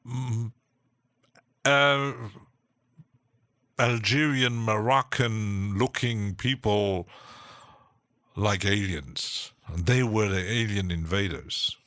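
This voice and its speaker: Streaming live from his home studio, a man chats casually, rambling and halting with frequent restarts and short laughs. His voice runs on the low side, pushed and bright, with no echo.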